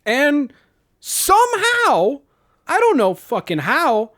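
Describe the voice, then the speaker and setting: A man co-hosting a podcast, retelling a movie's plot in loose, rambling chat. His voice sits a little high for a man, and he swears freely and gets animated as he recounts scenes. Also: moderate pace. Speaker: podcast co-host. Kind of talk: casual movie-recap chat.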